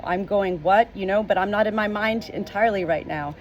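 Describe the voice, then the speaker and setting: A middle-aged woman speaking as a spiritual medium, slow and emotional, often repeating words, tearful at times. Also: medium pitch, lively intonation. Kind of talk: channeled message video. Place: outdoors with roosters nearby. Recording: roosters and outdoor noise behind.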